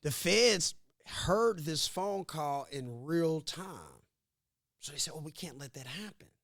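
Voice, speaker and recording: A man from Missouri, a podcast guest, telling a story in a casual, animated, profane way and acting out what others said. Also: on the high side, slow, no room sound, studio quality. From Grandview, Missouri. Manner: animated, profane, laughs often, acts out quotes.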